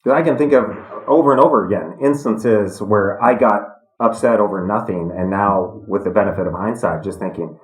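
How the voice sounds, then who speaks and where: A middle-aged man telling stories in a podcast interview, calm and reflective. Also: on the low side, normal speed, few pauses. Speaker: guest, retired fighter. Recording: echoey room.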